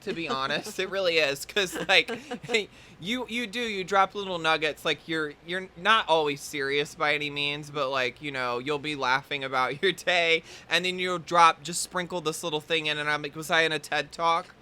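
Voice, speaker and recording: Bright-voiced emotional male podcast host. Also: on the high side, normal speed, hardly any pauses, smooth. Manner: emotional, laughing, expressive. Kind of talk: casual chat.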